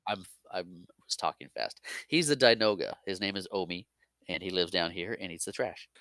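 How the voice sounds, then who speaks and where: Bright-voiced man sharing movie fun facts. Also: low-pitched, lively intonation, no echo. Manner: chatty, shares fun facts, quick laughs. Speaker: podcast co-host. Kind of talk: casual movie recap chat.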